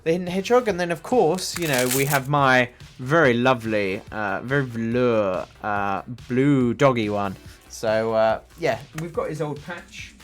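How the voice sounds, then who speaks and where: A man's voice: medium pitch, a little slow. Young male streamer, casual and rambling, reads chat aloud over a desk mic, faint background music. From England. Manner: chatty, rambling, with frequent fillers. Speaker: livestream host. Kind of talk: casual livestream chat reading viewer comments. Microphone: desk microphone.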